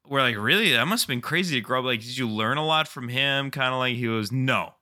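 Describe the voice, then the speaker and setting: A man co-hosting a podcast, telling stories in casual chat in an animated way, swearing freely and often laughing mid-story. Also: mid-range voice, fairly quick. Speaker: podcast co-host.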